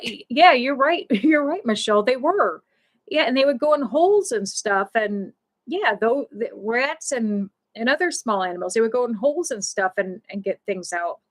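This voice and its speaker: Rambling, chatty woman live-streaming a story. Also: sits high. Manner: rambling, filler-heavy, animated. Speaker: livestream host. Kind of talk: casual storytelling to a live chat.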